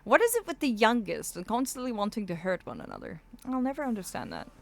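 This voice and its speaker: A woman's voice: medium pitch, huge pitch swings, quick pace, gravelly. A woman chatting casually with her livestream viewers, doting and theatrical, calling them darling.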